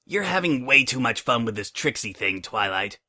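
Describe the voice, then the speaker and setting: A man's voice: mid-range voice, sing-song, moderate pace, pushed and bright, heavily acted. A man voicing a brash, impatient tomboy mare.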